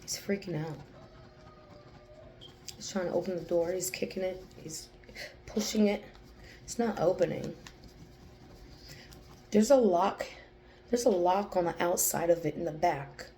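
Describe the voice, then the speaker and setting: A young woman who gives an intuitive psychic reading, thinking aloud, hesitating and pausing to focus. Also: fairly low pitch, warm tone, slight background noise. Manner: hesitant, restarts, pauses to focus. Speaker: psychic channeler.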